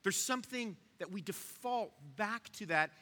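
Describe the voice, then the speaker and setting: A man's voice: sits high, animated, moderate pace, bright, forceful tone. Guy preaching to the room, chatty, big hall echo behind him. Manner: conversational, asks the room to follow along. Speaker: pastor. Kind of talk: sermon.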